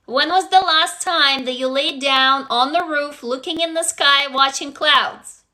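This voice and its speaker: High, bright-voiced woman streaming live. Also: a little slow. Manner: effusive, gushing greetings to new viewers; talks directly to the audience, coaching them through writing prompts. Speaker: livestream host. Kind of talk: casual livestream chat with viewers.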